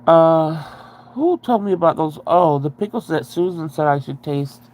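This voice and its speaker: A woman's voice: low-pitched, expressive, normal speed, darkish tone. A woman hosting a casual livestream, rambling and chatty as she answers viewer comments and swears freely. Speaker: livestream host.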